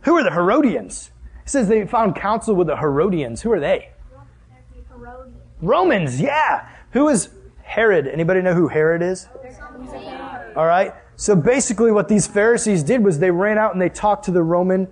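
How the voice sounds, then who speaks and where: A man's voice: high-pitched, moderate pace, slightly rough. A man preaching a sermon in a casual, conversational way, acting out the voices of the people in his story and asking the audience questions. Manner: animated, acts out voices of Jesus and Pharisees.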